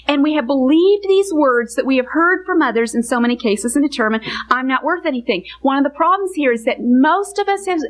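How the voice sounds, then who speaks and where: A woman Bible teacher giving a teaching message to women, earnest and emphatic, slowing down on key phrases. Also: sits high.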